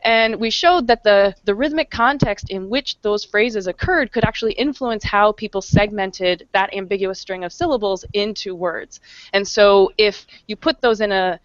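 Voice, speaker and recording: A woman in her thirties, a professor on an online panel, explains her research clearly, with frequent ums and restarts. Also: medium pitch, normal speed, no echo, dull audio. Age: 30s. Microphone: video call.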